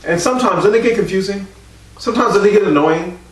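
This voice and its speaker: A man preaching a sermon as pastor, leading the congregation in call-and-response and rising at times to shouts. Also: high voice, quick pace, very echoey, far from the mic, rough recording.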